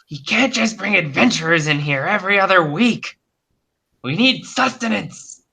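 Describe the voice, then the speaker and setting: A man's voice: high voice, expressive, moderate pace, vocal fry, bright, forceful tone, husky, pitched above the performer's own voice, full character voice. A man putting on a starving, whining old hag. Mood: whiny hungry. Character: hungry bickering hag, old female monster. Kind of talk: tabletop game voice acting.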